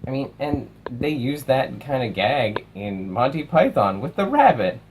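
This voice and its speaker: A young man casually reviewing films, animated, swearing and acting out lines from movies. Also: medium pitch, unhurried, background noise. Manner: animated, swears, acts out quotes. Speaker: film reviewer.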